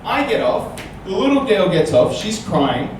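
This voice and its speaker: A man with a fairly high, lively voice tells a stand-up story on stage, tagging his lines with "right?". He sounds distant in a very echoey room, and there is clear noise behind him. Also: measured pace. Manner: animated, punctuates with "right?". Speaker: comedian guest. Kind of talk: live stand-up storytelling and chat. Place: small comedy venue with audience. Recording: echoey live room, distant mic, noisy.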